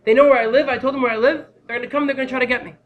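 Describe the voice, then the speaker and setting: Man as a scared villager, pleading, rushed, high voice. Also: fairly even intonation, narrow, tinny audio. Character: frightened, pleading male villager.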